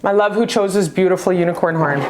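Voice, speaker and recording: A woman's voice: on the low side, fast talker, background noise. A woman reading tarot in casual chat, effusive and affectionate, swearing freely as she talks to viewers. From Canada. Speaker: tarot reader.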